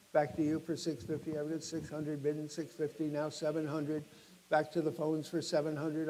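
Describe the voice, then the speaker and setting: A middle-aged man working as an auctioneer, describing each lot and then calling bids in a rapid chant. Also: on the high side, dark tone, a little hiss or hum, rough recording.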